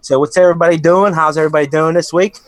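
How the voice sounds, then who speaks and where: A man's voice: on the high side, fairly even intonation, rapid-fire, dry recording. A man hosting a podcast in casual chat, upbeat and easygoing with plenty of fillers. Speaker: podcast host.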